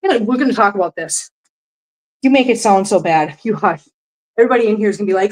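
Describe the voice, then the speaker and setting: A woman's voice: medium pitch, fast talker. A woman hosting a cat channel in a casual livestream chat, doing chores at home and cooing baby talk to her cats. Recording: voice from far off the mic.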